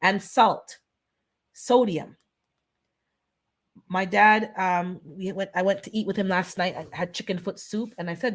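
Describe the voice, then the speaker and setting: A woman's voice: mid-range voice, a little slow, long pauses. A woman of Jamaican descent hosts a casual live-stream chat. Her delivery is earnest and pleading, and she repeats herself to drive points home. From Caribbean, of Jamaican descent. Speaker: host of a live wellness chat.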